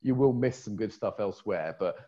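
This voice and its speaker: A man's voice: fairly low pitch, fairly quick, dark tone, husky, dull audio. A man co-hosting a live online conference stream, chatty and jokey. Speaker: conference co-host. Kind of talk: casual live-stream chat.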